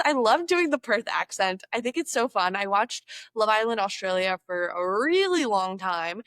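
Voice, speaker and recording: A woman's voice: medium pitch, fairly bright tone, no echo. A woman talking casually to camera at home in a chatty, upbeat way, often saying "like". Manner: chatty and upbeat, heavy use of "like". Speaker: bird content creator. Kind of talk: casual vlog talk to camera.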